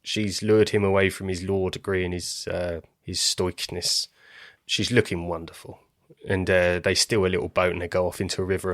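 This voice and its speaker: Wry low-voiced man. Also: flat delivery, moderate pace, dry recording, clean studio sound. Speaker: podcast co-host. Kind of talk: casual film review chat.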